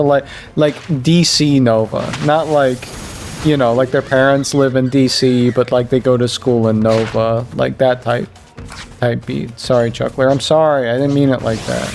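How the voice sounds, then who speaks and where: A young man from Virginia chatting casually while playing a game, rambling and joking, jumping up in pitch to make a point. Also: a little mellow. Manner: rambling, joking, jumps into higher pitch for emphasis. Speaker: gaming streamer. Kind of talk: casual gameplay commentary.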